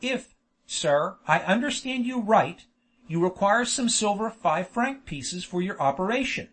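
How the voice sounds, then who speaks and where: A man's voice: sits high, lively intonation, a little slow, a bit bright, heavily acted. A man reading an audiobook, voicing a polite but commanding male army captain. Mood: calm. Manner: firm, courteous.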